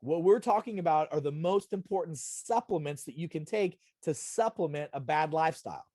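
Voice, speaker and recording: A man's voice: fairly high pitch, a little mellow, dry recording, clean studio sound. Emphatic man giving a wellness talk. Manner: emphatic, repetitive, direct address with frequent "okay?". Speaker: wellness presenter. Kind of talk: live online health talk. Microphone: video call.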